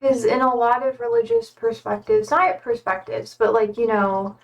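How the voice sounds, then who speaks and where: A woman's voice: a little high, normal speed, creaky, far from the mic, muffled recording. A young woman streamer chatting casually in a rambling way with many fillers. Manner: rambling, many fillers, talking to her cats. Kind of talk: casual chat.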